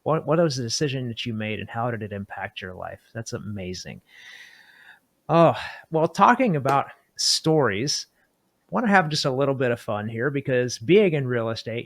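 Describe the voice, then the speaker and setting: A man's voice: mid-range voice, animated, moderate pace, no echo. A man hosting an interview podcast, speaking enthusiastically and addressing the viewers directly. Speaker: podcast host.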